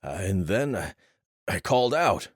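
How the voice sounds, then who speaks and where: A man voicing a frightened young soldier who speaks haltingly between breaths. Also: deep voice, very animated, husky, no echo, studio quality, heavily acted. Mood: shaken.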